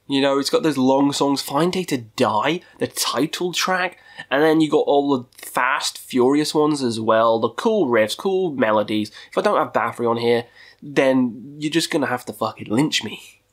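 A man's voice: mid-range voice, normal speed. Profane goofy man counting down albums. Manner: profane, goofy, jokey asides. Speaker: metal music YouTuber. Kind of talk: casual video countdown.

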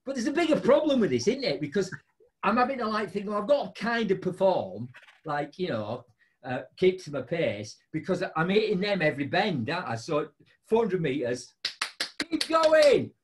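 A man's voice: moderate pace, slight background noise. A man hosting a show, telling a funny story in a casual chat, laughing often. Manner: animated, laughing storyteller with big pitch jumps. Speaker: podcast host.

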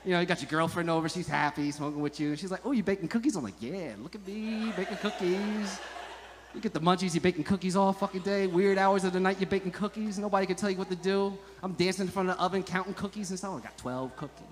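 High-voiced profane stand-up comic. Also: male voice, steady tone, racing, hardly any pauses, a little hiss or hum. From New Jersey. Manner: profane, rambling, laughing at his own jokes. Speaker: stand-up comedian. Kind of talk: stand-up comedy set. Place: outdoor comedy club stage. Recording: live stage sound with long reverb.

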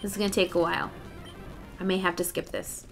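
A young woman chatting excitedly through a let's play, groaning and laughing at the game. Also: fairly low pitch, brisk, vocal fry, faint music behind. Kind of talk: casual gameplay commentary.

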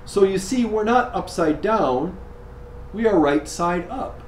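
A patient young mother, put on by a man, lays out her reasoning step by step, her voice lifted noticeably higher. She speaks calmly in an echoey room with faint noise behind. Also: takes it slowly, recorded from a distance. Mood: patient explaining. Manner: calm, explaining step by step.

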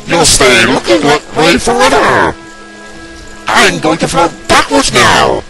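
A man's voice: high voice, wildly swooping pitch, takes it slowly, gravelly, over music, pitched above the performer's own voice, heavily acted, poor audio. A man voicing a mischievous, taunting masked imp boy while reading a video game's lines aloud. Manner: taunting, sneering. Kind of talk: reading game dialogue aloud.

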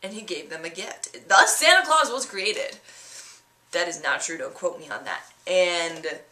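A woman tells a comic story with a lively, swooping pitch and a sarcastic edge. Her voice is bright and crisp. The room around her adds a noticeable echo. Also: measured pace. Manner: animated, sarcastic, with acted-out voices. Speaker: vlogger. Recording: roomy echo.

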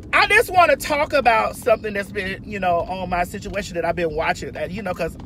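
A woman's voice: mid-range voice, expressive, a little fast, bright, forceful tone, slight background noise. Brassy, flamboyant woman chatting in a car. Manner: brassy and flamboyant, peppered with "girl" and "honey". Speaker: vlog host. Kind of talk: casual car chat to camera. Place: inside a car. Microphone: phone camera in the car.

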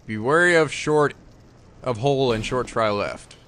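A young man playing a video game while commenting, swearing and yelling often. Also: medium pitch, animated, a little slow, a little hiss or hum. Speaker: let's play host. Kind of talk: gaming commentary. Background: game music.

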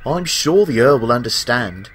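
A man's voice: mid-range voice, lively intonation, normal speed, fairly bright tone, in a large hall, slight background noise, close to an everyday voice. A man voicing an eager, reassuring male steam engine in a storybook tale. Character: excitable male old steam engine, young-at-heart.

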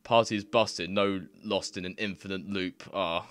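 A man's voice: low voice, steady tone, normal speed, hardly any pauses, a bit bright, dry recording. A young man giving casual, rambling commentary on his screen, laughing often and swearing freely. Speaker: YouTuber.

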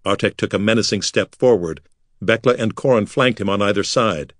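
A man narrating a fantasy audiobook in a measured, dramatic way. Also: on the low side, no echo, clean studio sound. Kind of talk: scripted narration.

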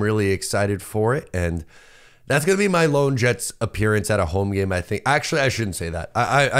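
Venting young New podcast host. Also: male voice, fairly low pitch, clean tone. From Long Island, New York. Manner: animated, venting, self-interrupting with repeated words. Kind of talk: casual podcast rant.

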